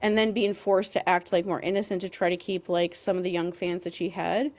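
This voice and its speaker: A woman's voice: lowish voice, flat delivery, fairly quick, a little mellow. A young woman co-hosting a podcast, ranting emphatically with lots of "like" and some swearing. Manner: heated and emphatic, heavy use of "like", swearing. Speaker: podcast co-host.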